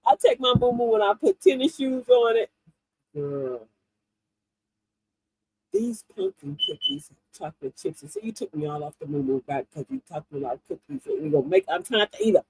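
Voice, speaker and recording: A middle-aged woman hosts a casual livestream, full of laughing, animated, chatty storytelling. Her husky voice is on the high side with vocal fry, and she talks a little fast. The livestream mic audio is dry and poor.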